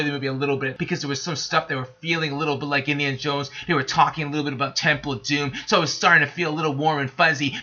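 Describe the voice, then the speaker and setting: Man, channel host, angry solo rant, slightly high, lo-fi sound. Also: racing, few pauses. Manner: angry ranting, swings to shouting. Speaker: YouTube host.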